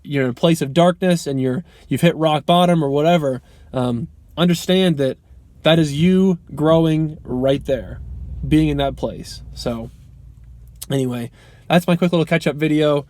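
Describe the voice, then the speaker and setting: A man's voice: a little high, moderate pace, darkish tone. A young man talking casually to camera in a vlog, earnest and motivational, rambling with many ums and restarts. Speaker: vlogger. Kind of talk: casual unscripted vlog talk.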